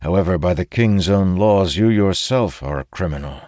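A man's voice: low voice, animated, moderate pace, darkish tone, no echo, studio quality, voice pushed up. A man reading an audiobook, voicing a stern male ranger speaking firmly.

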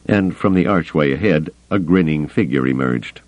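Male audiobook narrator: very low, steady reading; dry, slightly muffled studio sound. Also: moderate pace, no room sound. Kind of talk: scripted narration.

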